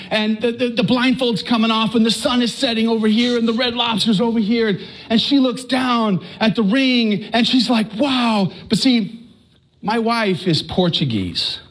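Man from Texas, middle-aged, high-pitched voice; animated storyteller with restarts, giving a live faith testimony. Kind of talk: live personal testimony talk.

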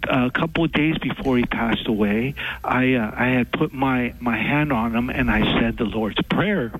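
A man's voice: medium pitch, fairly bright tone, breathy edge, rough recording. A male caller on a radio program, speaking in a mid-range voice. He hesitates often and fills gaps with ums and uhs as he recounts something personal. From Texas. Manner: halting, many fillers and pauses. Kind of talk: call-in radio chat.

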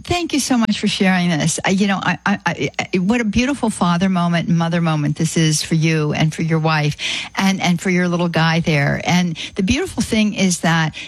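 A woman with a low, husky voice hosts a call-in radio program, gushing with gratitude and praise for her callers. The studio sound is dry and close. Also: a little fast, no echo, low-quality recording. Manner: warm, effusive, repeats "beautiful" often. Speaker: radio call-in show host. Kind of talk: Catholic radio call-in chat.

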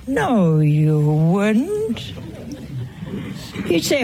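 A woman's voice: medium pitch, sing-song, takes it slowly, gravelly, pauses often, background noise. A woman preaching a humorous sermon, teasing her listeners with rhetorical questions and frequent chuckles.

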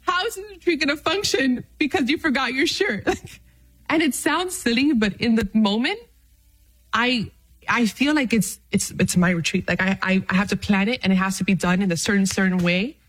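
Woman, mid-pitched, upbeat faith talk to camera, frank and self-mocking. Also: poor audio. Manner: lively, self-deprecating, with laughs and fillers.

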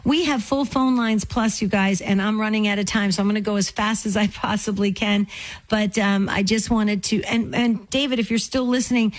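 A woman hosting a call-in radio show, effusive and enthusiastic, talking with callers and fitting in quick asides. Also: mid-range voice, low-quality recording.

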